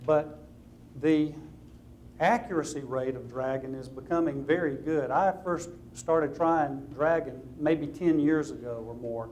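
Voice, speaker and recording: A man's voice: fairly high pitch, unhurried, a little mellow, a little hiss or hum. Southern-drawling man giving a lecture. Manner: conversational, practical, with light anecdotes. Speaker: attorney giving a seminar talk. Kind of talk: conference presentation to lawyers.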